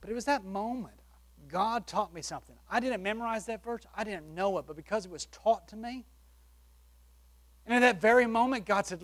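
A man preaching, telling a personal testimony with animated shifts between loud and soft. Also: high-pitched, a little fast. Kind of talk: sermon testimony story.

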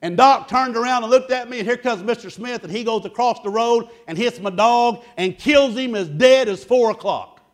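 A man preaching a sermon, loud and boisterous, telling folksy stories between points. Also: extremely high pitch, normal speed, hardly any pauses. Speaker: pastor.

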